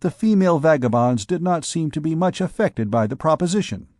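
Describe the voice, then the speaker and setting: A man reading a classic novel aloud as an audiobook narrator, measured and deliberate. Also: on the high side, animated, darkish tone, dry recording, clean studio sound. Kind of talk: scripted narration.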